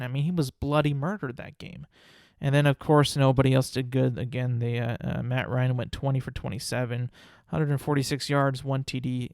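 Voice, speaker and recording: A young man hosting a podcast, talking through football results in a rambling, animated, self-mocking way. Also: medium pitch, no echo, clean studio sound. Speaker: podcast host. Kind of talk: casual solo sports talk.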